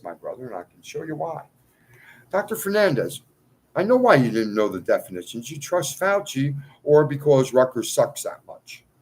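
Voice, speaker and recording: Over poor audio, a self-styled cleric with a mid-range voice rants to his followers. He sounds agitated and pleading, lurching from outbursts to muttered asides.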